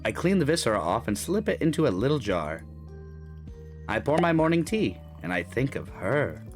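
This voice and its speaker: A man's voice: medium pitch, very animated, moderate pace, faint music behind. A man hosting a gaming stream, reading a game's narration aloud with dramatic flair. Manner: dramatic reading with swearing asides. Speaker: gaming channel host. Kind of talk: reading game narration aloud with live chat.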